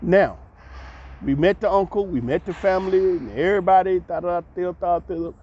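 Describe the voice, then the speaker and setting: A man telling a long personal story as a vlogger, animated and acting out the voices of the people in it. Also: high-pitched, normal speed, a little hiss or hum. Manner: animated, acts out voices, laughs mid-story. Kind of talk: storytelling monologue. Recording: dull lo-fi recording.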